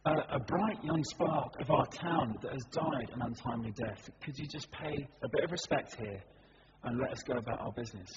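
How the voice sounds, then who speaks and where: Brief: an anxious male mourner, hushed and pleading, put on by a preacher; dull, noisy recording. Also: mid-range voice, normal speed, pitched below the performer's own voice, close to an everyday voice. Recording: dull recording with background noise.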